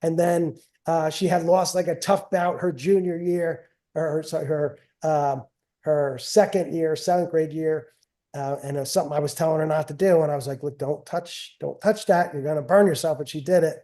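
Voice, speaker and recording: Middle-aged man, guest coach: rambling, repetitive storyteller, slightly high voice, warm tone. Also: fairly even intonation, moderate pace. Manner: rambling, repeats phrases, chatty and self-mocking. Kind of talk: casual storytelling interview.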